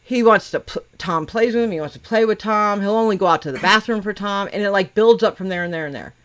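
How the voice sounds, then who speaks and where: Fast-talking, with a mid-range and slightly bright voice, a middle-aged woman hosts a laid-back podcast conversation. She's blunt, swears nonstop and teases whoever she's chatting with.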